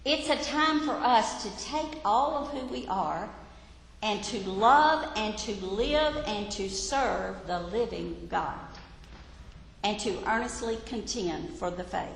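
A woman's voice: medium pitch, slow, vocal fry, a bit bright. A woman gives a Bible lesson in an earnest, exhorting, conversational way, as a Sunday school teacher. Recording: echoey hall with room reverb.

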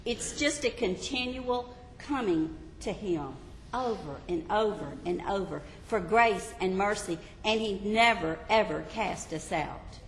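A woman's voice: medium pitch, animated, a little slow, slight background noise. A woman teaching the Bible to a class, earnest and emphatic, reading quotes aloud. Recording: echoey hall, faint ambience.

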